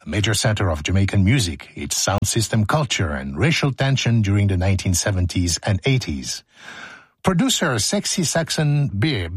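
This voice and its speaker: A man's voice: on the low side, sing-song, moderate pace, husky, dry recording. A man hosting a radio show, reading his script and joking through outtakes in a playful, self-mocking way from a studio microphone. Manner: jokey, self-mocking, breaks off mid-line. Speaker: radio host.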